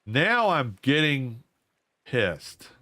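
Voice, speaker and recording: The voice belongs to an older gaming channel host, mid-range in pitch with big swings, drawn-out words and a pushed, bright sound. Recorded at studio quality without echo, he rambles through a folksy story while playing a game at home, often repeating himself.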